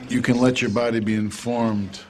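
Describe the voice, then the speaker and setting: A man, an actor, talking in a reflective, halting way in an interview. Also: medium pitch, little pitch movement, darkish tone, slight background noise.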